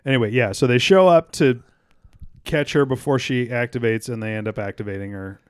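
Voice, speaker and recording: A man's voice: mid-range voice, fairly quick, clean tone, no echo, studio quality. A young man co-hosting a casual podcast chat, rambling, stumbling over words, laughing and swearing often. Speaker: podcast co-host.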